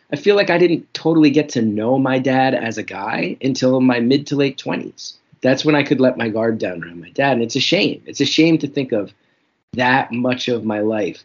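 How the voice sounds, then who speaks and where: Husky New man, reflective. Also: medium pitch. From New Jersey. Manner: reflective, self-deprecating, frank. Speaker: guest comedian. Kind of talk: candid interview storytelling. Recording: dull lo-fi recording.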